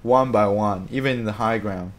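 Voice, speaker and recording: A man chatting casually on a live stream, reading out viewer comments in an excitable, talkative way. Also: lowish voice, moderate pace, slight background noise.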